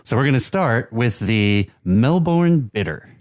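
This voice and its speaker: A man's voice: mid-range voice, expressive, measured pace, darkish tone, no echo, clean studio sound. A man co-hosting a casual beer and soccer podcast, explaining things in a rambling, hesitant way with many fillers. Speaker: podcast co-host.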